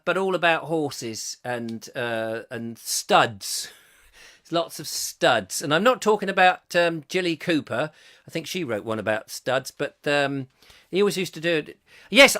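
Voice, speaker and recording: A man's voice: high voice, bright, forceful tone. A man hosting a playful live-stream chat show, rambling and reading viewer comments aloud with sudden silly outbursts. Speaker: host.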